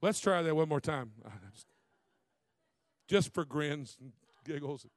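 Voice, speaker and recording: Animated preacher man, high-pitched. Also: slow, dry recording. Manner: folksy, animated preaching with laughs and rhetorical questions. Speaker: visiting preacher. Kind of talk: sermon.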